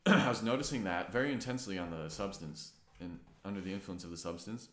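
A man's voice: low-pitched, a little fast. A man in his twenties telling a personal story in a meandering, earnest way, full of fillers and casual swearing. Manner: earnest and reflective. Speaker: vlogger. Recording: roomy echo.

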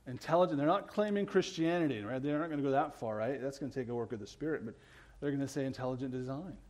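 Earnest preaching man, mid-pitched. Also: fast. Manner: earnest preaching, keeps asking the congregation "right?"; swings between loud emphatic lines and quiet low ones. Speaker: pastor. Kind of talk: sermon.

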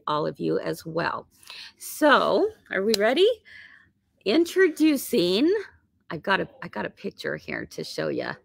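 A woman hosting a live sewing tutorial, bubbly and chatty and laughing often, her voice slightly hoarse. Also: a little high, no echo. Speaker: quilt shop host.

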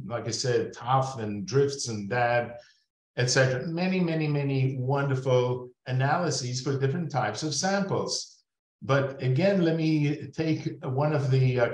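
A man's voice: mid-range voice, echoey room. An older man giving a webinar lecture over a video call, chatty and digressive with many fillers.

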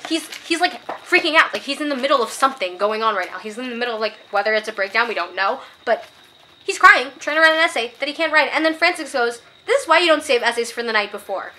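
A young woman talks through a book review in a casual, chatty way. Her voice is bright and clear. She is opinionated and gets worked up as she reads quoted passages aloud. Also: a little high, fast, slight background noise.

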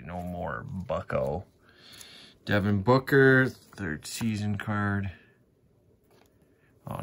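A low, gravelly-voiced man drawls through a casual sticker pack-opening vlog, cursing at bad pulls and chatting to his viewers. Wrappers crinkle faintly behind him. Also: fairly bright tone, slight background noise. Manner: swears often, grumbles at bad pulls, talks to viewers. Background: wrappers crinkling, faint clicks.

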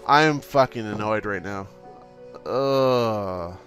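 A man doing let's play commentary, exasperated, swearing a lot and reading the game's options out loud. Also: fairly low pitch, takes it slowly, soft background music. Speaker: gaming YouTuber.

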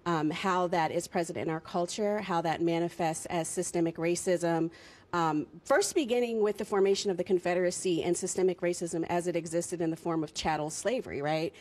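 A woman's voice: fairly low pitch, darkish tone. A woman speaking as a panel guest on a TV discussion, making impassioned, articulate arguments point by point. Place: TV studio.

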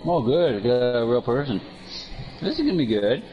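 A man's voice: medium pitch, very animated, moderate pace. A man giving playful commentary while playing a video game, teasing and joking with his brother. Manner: teasing, jokey banter aimed at his brother. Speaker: gaming commentator. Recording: dull lo-fi sound with music behind.

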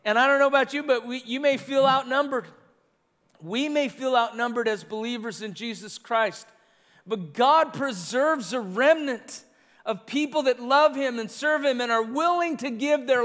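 Very high-pitched and a bit bright, the pastor's voice carries through the sanctuary as he delivers an earnest sermon with repetitive phrasing. The recording has the long reverb of a big church hall.

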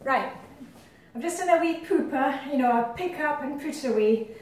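Scottish lady chatting while she cooks, kinda high voice, super echoey kitchen, mic far off. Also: expressive, moderate pace, a little mellow. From Scotland. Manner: chatty, rambling, self-deprecating asides. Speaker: cooking vlogger. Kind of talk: casual cooking demonstration. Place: home kitchen.

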